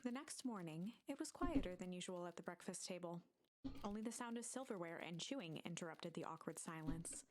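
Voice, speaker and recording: A voice narrating a storybook adventure game in a soft, even storyteller manner. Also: medium pitch, brisk, a little hiss or hum, lightly acted.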